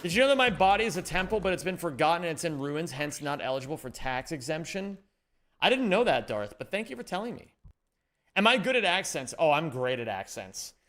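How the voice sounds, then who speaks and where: A man streaming a speedrun live, chatting with viewers in an animated, joking way and swearing casually. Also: fairly high pitch, a little fast. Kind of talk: live-stream chat while gaming.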